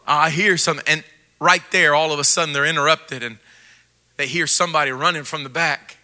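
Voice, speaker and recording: A man preaching a sermon, playful and animated, acting out scenes with put-on voices and then dropping to quiet intensity. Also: a little high, brisk. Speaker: pastor.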